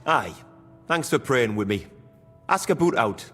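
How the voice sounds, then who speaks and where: Grieving mine foreman, solemn and gruff, long reverb, faint music. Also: mid-range voice, animated, unhurried, a bit bright. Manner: thick dialect, mournful, solemn praying. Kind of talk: video game dialogue. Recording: game audio with hall reverb and music.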